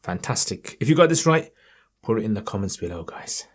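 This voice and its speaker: A man teaching Quran reading in an online lesson, patiently encouraging and modelling each verse in a slow, melodic recitation tone. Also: lowish voice, very animated, breathy edge. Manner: chants verses in a raised melodic tone.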